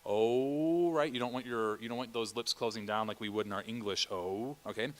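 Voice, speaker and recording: A middle-aged choir director runs a church choir rehearsal in a relaxed, chatty manner at a moderate pace. His voice is middle-pitched, and he often breaks into sung vowels, Latin examples, and short phrases to show the singers what he wants.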